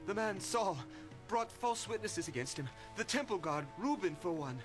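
An actor playing a grieving young male messenger in a radio drama, telling the news in a hushed, shaken voice. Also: high voice, animated, moderate pace, music in the background.

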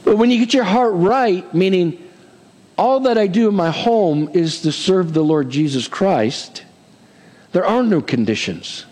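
Middle-aged pastor guy preaching, slightly high voice, swings all over, big reverby hall. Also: measured pace. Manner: animated, emphatic preaching with humor. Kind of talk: sermon.

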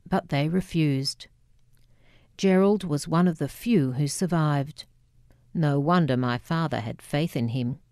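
A woman with an Australian accent reading her memoir aloud in a measured, reflective way. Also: sits low, mellow, dry recording, clean studio sound. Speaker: memoir narrator. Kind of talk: scripted memoir narration.

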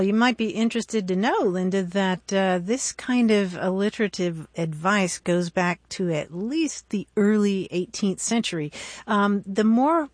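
A woman's voice: mid-range voice, dry recording. Chatty woman radio co-host, dry studio sound. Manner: chatty, reads old quotations aloud with relish. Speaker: co-host of a radio call-in show about words. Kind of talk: casual radio chat. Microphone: studio microphone.

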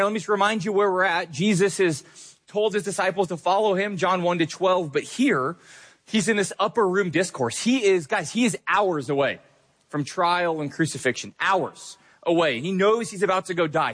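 A man's voice: sits high, a bit bright, breathy edge. A man preaching a sermon as a pastor, earnest and conversational, with occasional fillers.

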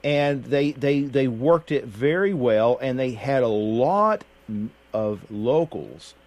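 Radio host, man, unhurried folksy delivery, mid pitch, radio broadcast sound. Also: lively intonation, darkish tone. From Appalachian Kentucky. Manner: unhurried, folksy, many fillers and restarts. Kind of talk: casual radio chat.

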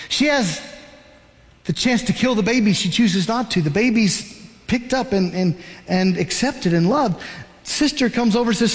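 High-pitched pastor guy giving a sermon, animated, echo hanging in the hall. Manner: animated storytelling, emphatic.

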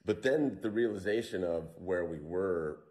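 A man with a very low, deep voice tells his survival story to an interviewer. He speaks in a loose, conversational way, full of fillers and restarts. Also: lively intonation, a little slow, a little mellow. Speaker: interview guest.

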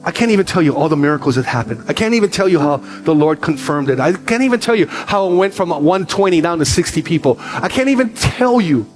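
A man in his forties, a pastor preaching a sermon, telling stories with quick bursts and emphatic repetition. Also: a little high, animated, faint music behind.

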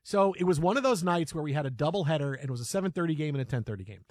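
A man hosting a sports radio show, telling stories in a casual, animated way and laughing often. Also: fairly high pitch, racing, no room sound, studio quality. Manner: animated, laughing anecdote teller. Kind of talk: casual storytelling chat. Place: radio studio. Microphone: studio microphone.

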